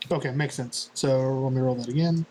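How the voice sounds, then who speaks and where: A man's voice: medium pitch, fairly even intonation, a little fast, dark tone, slight background noise, poor audio. A man playing a tabletop game, eager and joking about his rolls. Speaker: player. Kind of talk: casual tabletop play.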